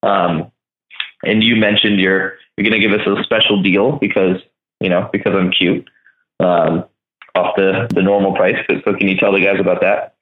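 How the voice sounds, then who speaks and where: A man's voice: low-pitched, flat delivery, normal speed. A man hosting a casual chat, laid-back and rambling with lots of fillers. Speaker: host. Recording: echoey, phone-like line.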